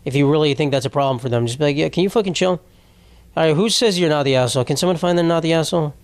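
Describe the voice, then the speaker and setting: Profane rambling young man, smooth voice. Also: fairly high pitch, rapid-fire. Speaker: podcast host. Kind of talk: casual solo podcast chat.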